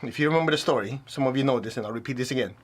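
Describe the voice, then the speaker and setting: A man's voice: medium pitch, rapid-fire. Man giving a blunt, casual spiritual talk. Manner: casual, blunt, acts out voices in quotes. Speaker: spiritual teacher. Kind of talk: informal spiritual talk to an audience.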